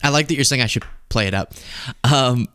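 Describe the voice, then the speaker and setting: Male host with a Texan accent, mid-pitched voice, dry close mic, sarcastic and animated commentary. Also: brisk, clear, resonant tone, no echo. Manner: sarcastic, animated, laughs at his own points. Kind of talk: casual political commentary.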